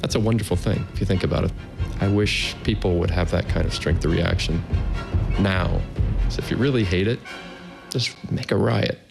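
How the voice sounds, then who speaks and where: A man who plays bassoon in an orchestra, speaking in an interview clip in an animated, enthusiastic way. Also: moderate pace, vocal fry, over music.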